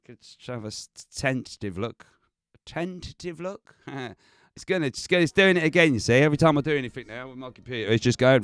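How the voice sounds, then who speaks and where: A man hosting a live stream, talking casually and swearing freely as he chats and laughs. His voice sits a little high and sounds smooth and clear. The sound is dry and close. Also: fairly quick, fairly bright tone, no room sound, faint music behind. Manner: swearing, chatty, laughs often. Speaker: livestream host.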